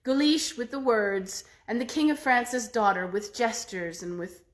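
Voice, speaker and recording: A woman storyteller telling a folk tale aloud in an expressive way, with slow dramatic pauses. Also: on the high side.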